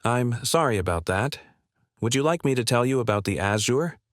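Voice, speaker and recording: A man's voice: medium pitch, expressive, normal speed, dry recording, studio quality, close to an everyday voice. A male narrator reading the lines of a kind, eager young car salesman who sounds friendly and apologetic.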